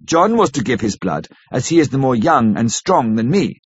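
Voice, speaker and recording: A man voicing a grave, kindly older professor who speaks in solemn, formal, halting phrases. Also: medium pitch, expressive, breathy edge, dry recording. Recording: dull lo-fi recording.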